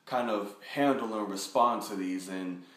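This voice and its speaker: A man hosting a reaction video, talking in a relaxed, rambling monologue full of fillers. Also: on the low side, unhurried. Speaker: YouTube reaction host. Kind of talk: casual monologue. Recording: echoey room.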